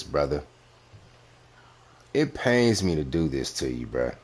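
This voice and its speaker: Super deep voiced guy doing a blunt mocking reaction rant, keeps repeating himself. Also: lively intonation, measured pace, darkish tone, husky. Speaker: commentary host reviewing clips. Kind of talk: profane reaction commentary.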